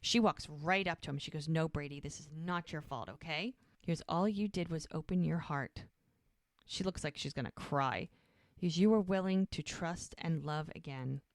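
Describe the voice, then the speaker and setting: A woman's voice: deep voice, moderate pace, dry recording, studio quality. Woman casually retelling a scene. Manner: retells scenes, acting out dialogue. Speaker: podcast co-host. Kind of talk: casual recap chat.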